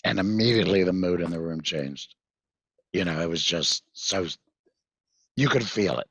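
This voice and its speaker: Husky, very low-voiced man telling his story. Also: a bit bright, dry recording. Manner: halting, many fillers and restarts. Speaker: guest, patient mentor. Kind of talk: recounting a personal story in conversation.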